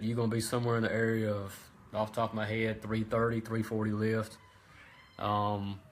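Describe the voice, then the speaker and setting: A man hosting a casual how-to livestream about engine parts, talking in a relaxed, chatty way with many ums and restarts. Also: fairly low pitch. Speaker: host of a racing parts livestream.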